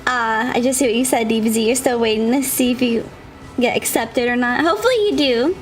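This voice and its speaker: Bubbly high-voiced woman streamer. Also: a little fast, soft background music. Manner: bubbly and chatty, laughing often. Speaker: game streamer. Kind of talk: casual live-stream chat with viewers.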